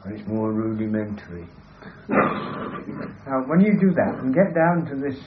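A man's voice: mid-range voice, big pitch swings, normal speed, very noisy. Lecturing man on a muffled recording. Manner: emphatic, lecturing, keeps asking "you see". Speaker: speaker discussing language. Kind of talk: discursive monologue in conversation.

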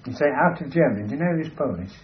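Racing along in an expressive mid-range voice, a man holds forth on language in a discursive conversational monologue, emphatic and lecturing, frequently tossing in "you see". The audio sounds dull, with a little hiss or hum.

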